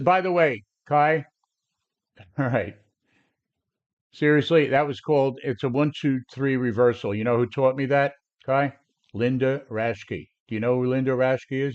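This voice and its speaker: The audio is dull, carrying a medium-pitched, slightly mellow voice. It belongs to a brash, combative trading coach in his seventies who talks back directly to his live stream chat.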